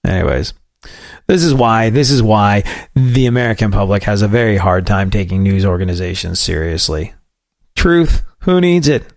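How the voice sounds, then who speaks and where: A man's voice: fairly low pitch, creaky, darkish tone, no echo, clean studio sound. A man from New York with a New York accent, hosting a commentary show in a sarcastic, wry way. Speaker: host.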